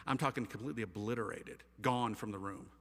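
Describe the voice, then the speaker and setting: A man giving an impassioned, slangy testimony to a live audience, his storytelling swinging between loud and hushed. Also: on the low side, fast. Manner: animated, slangy storytelling with wide swings of loudness. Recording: hall reverb.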